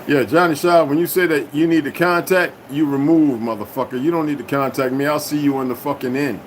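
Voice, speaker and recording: Casting: man, somewhat high pitch, combative streamer, swears constantly, rambles, faint background hum. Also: steady tone, a little fast. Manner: profane, confrontational, rambling. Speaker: channel host. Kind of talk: casual livestream monologue.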